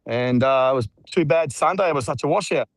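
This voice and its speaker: A man's voice: medium pitch, fairly quick, no echo, rough recording. A man with an Australian accent chatting laid-back and rambling on a video call while out walking. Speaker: regular guest. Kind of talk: casual video call chat. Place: outdoors, walking.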